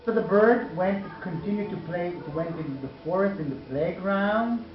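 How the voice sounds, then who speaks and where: A woman telling a story to a small child at home, animated and coaxing, breaking off to talk to the child. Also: fairly low pitch, moderate pace, roomy sound, lo-fi sound.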